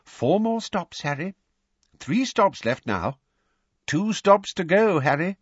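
Guy putting on a bouncy excited wizard dad, high eager voice, kinda muffled dry recording. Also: normal speed, slightly rough, no echo. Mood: delighted. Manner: raised, eager, wondering tone. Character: excitable middle-aged wizard father, fascinated by non-magic things.

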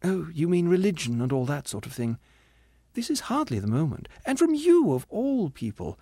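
A man's voice: fairly high pitch, sing-song, moderate pace, warm tone, husky, dry recording, clean studio sound, pitched above the performer's own voice. A male narrator voicing a grieving woman's ghost who speaks sharply and reproachfully in an audiobook. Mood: indignant, bitter. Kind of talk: audiobook character reading.

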